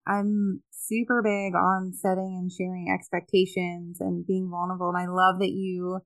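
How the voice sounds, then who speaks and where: Gravelly-voiced woman podcast host. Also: lowish voice, level tone. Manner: warm, affirming, quick to agree. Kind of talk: casual podcast chat.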